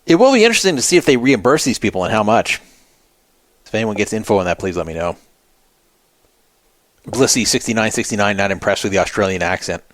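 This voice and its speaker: A man's voice: fairly low pitch, expressive, fast, pauses often, dry recording. A man hosting a solo podcast, talking casually and skeptically and reading out viewer comments in a wry way. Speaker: podcast host.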